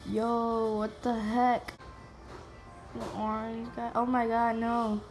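Young woman gamer, high-ish voice, unhurried delivery, excitable commentary, faint music under. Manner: excitable, gasps and whispers while playing. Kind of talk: casual gameplay commentary.

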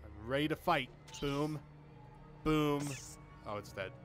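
A young man giving casual let's-play commentary, swearing often and swinging between muttering and excited outbursts. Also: fairly high pitch, slow pace, soft background music.

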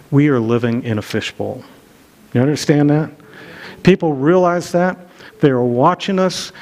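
A man's voice: medium pitch, a little mellow. A middle-aged man preaching a sermon, telling a personal story in a conversational, self-deprecating way with frequent restarts, recorded in a church. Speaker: pastor. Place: church sanctuary.

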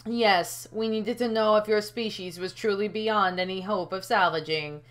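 A woman voicing a calm, formal alien judge who has been posing as a human, with measured, solemn speech. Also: mid-range voice, natural voice. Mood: regretful.

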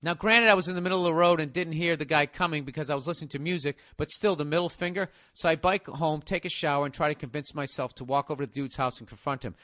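A man's voice: fairly high pitch, fast talker, few pauses, no echo, studio quality. Ranting, profane man with a Boston accent. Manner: profane, animated ranting with bursts of loud laughter. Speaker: podcast host. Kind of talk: comedic ranting podcast talk.

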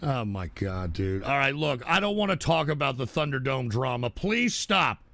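A man hosting a political livestream show, ranting and swearing and shouting at trolls in the chat. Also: mid-range voice, big pitch swings, moderate pace, creaky, no room sound. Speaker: political talk show host. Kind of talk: angry livestream rant.

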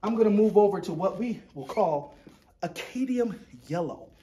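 A man's voice: high voice, animated, normal speed, mellow, a little hiss or hum. A man hosting a painting demonstration, talking in a playful, chatty, joking way as he walks viewers through each step. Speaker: painting show host.

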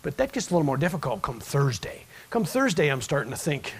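Here the preacher talks fast in a fairly high, very animated voice, with a little background noise in the recording. His sermon in the sanctuary unfolds like casual storytelling, and he performs the voices of the people he describes.

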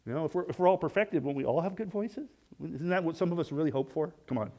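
A man preaching a sermon in a conversational way, asking rhetorical questions and often restarting his sentences, and dropping to a soft hush when he voices prayers. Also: a little high, fast talker. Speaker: pastor.

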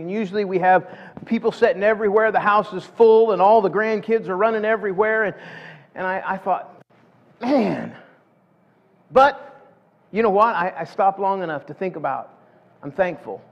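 Folksy preacher man in a reverberant hall. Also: sits high. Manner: folksy, repeats words while building up to points. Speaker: pastor. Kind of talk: sermon. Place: church sanctuary. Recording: dull sound with long church hall reverb.

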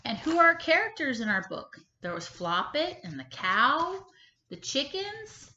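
Expressive teacher reading a storybook. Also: female voice, high-pitched, a little slow. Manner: expressive, stops to ask children questions. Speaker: kindergarten teacher. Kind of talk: reading a picture book aloud to children. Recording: echoey room, slightly dull sound.

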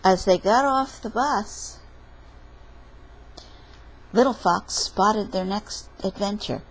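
A woman reading a children's picture book aloud at a storytime, slow and expressive. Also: mid-range voice, breathy edge, low-quality recording. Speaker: storytime reader.

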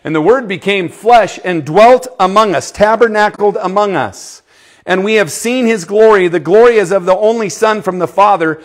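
Male youth preacher, slightly high voice, emphatic sermon delivery with sudden quiet stretches. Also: normal speed. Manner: emphatic, swinging from loud to hushed; asks the audience questions.

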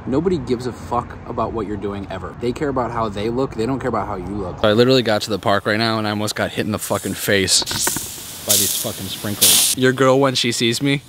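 A man's voice: fairly low pitch, fast, background noise. A man in his twenties, vlogging outdoors in a park and talking candidly and profanely in a casual reflective monologue. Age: 20s.

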